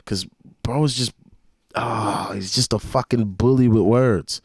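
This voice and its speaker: A man in his young adult years, hosting a reaction video and picking apart rap lyrics in excitable, profane casual commentary. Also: medium pitch, a little slow, vocal fry, husky, no room sound, clean studio sound. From United States.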